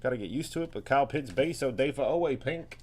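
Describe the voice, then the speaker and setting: A man hosting a live sports card break, reading off names and teams in quick bursts and joking with viewers between pulls. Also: mid-range voice, expressive, a little mellow. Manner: rapid-fire listing of names and teams, hyped and joking.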